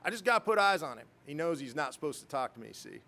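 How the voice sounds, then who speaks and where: A man's voice: a little high, sing-song, quick pace, vocal fry, sharp tone, exaggerated voice. A man voicing a folksy, caring male squadron commander with a Southern accent, drawling and reassuring. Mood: insistent. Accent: Southern US, put on.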